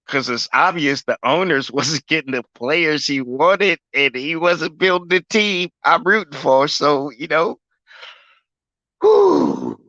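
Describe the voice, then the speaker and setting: A man's voice: fairly high pitch, bright, forceful tone, no echo, dull audio. A man in his forties ranting in casual chat on a sports livestream, fuming, swearing and emphatic. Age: 40s.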